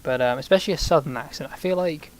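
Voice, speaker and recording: A man's voice: fairly high pitch, fast talker. A man giving rambling, sarcastic commentary while he plays a video game. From Britain. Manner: rambling, sarcastic, mutters to himself. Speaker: gameplay commentator.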